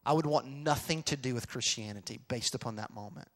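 A man's voice: medium pitch, fairly quick. Man preaching in a reverberant hall. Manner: storytelling with shifts from quiet asides to loud, emphatic outbursts. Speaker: pastor. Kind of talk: sermon. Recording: long reverb of a large hall.

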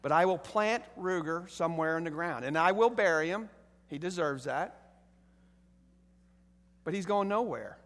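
High-voiced preacher in a reverberant hall. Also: male voice, animated, moderate pace, long pauses, a bit bright. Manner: emphatic preaching with rising volume bursts. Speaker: pastor. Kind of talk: sermon.

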